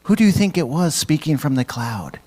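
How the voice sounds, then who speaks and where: A man leading a church children's message, gently asking the kids questions and waiting for their answers. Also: fairly high pitch, big pitch swings, brisk. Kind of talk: children's sermon.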